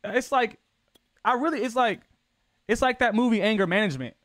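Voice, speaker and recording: A man's voice: extremely high pitch, a little fast, a bit bright, no echo, clean studio sound. A man streaming a football video game, chatting casually with his viewers in loose, profane slang, his voice jumping up when he gets defensive. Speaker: gaming streamer.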